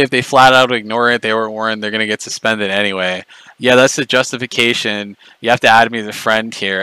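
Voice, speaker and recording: A man's voice: on the low side, sharp tone, smooth, dry recording, poor audio. A man ranting angrily on a livestream, profane, mocking and confrontational. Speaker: streamer. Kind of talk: angry livestream rant.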